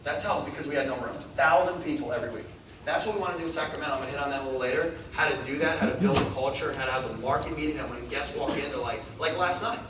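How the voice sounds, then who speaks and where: An energetic man in his thirties gives a motivational talk, rattling off points and checking in with the crowd. His fairly high voice carries from a distance through a very echoey hall, with steady noise underneath. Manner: energetic, rapid-fire, asks the crowd questions. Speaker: network marketing speaker. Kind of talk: motivational talk to a live audience. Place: large meeting hall.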